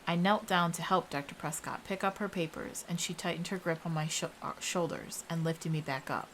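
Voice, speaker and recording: A young woman narrating a first-person horror story in a steady storytelling voice. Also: on the low side, brisk, a little hiss or hum, low-quality recording.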